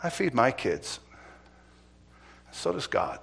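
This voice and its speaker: A middle-aged man preaching as pastor, asking the congregation pointed questions and swinging between loud emphasis and quiet asides. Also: mid-range voice, huge pitch swings, slow, creaky, breathy edge. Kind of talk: sermon.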